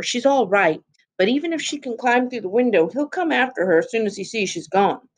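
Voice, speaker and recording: Earnest rural teen boy, quick and urgent; woman narrator. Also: medium pitch, lightly acted. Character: hurried country teenage boy Jessie.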